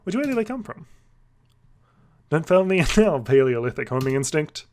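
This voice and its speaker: A man's voice: a little high, sing-song, normal speed, a little mellow, slight background noise. A man hosting a let's play, reading a visual novel aloud with playful, self-mocking asides.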